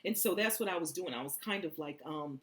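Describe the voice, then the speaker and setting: Woman vlogging a story, super expressive pitch, giggles a lot. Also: a little fast, a little hiss or hum. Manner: animated and giggly, acting out quotes. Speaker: vlogger telling a trip story. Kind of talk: casual storytelling to camera.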